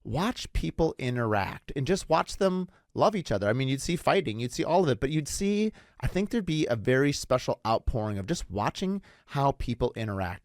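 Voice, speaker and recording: A male podcast host talks in a casual, rambling way, thinking out loud and drifting between reflections and stories. His pitch swings widely and expressively as he goes. The recording is dry and close, with no room sound. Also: no echo. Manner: rambling, reflective, animated storytelling. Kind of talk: casual interview chat.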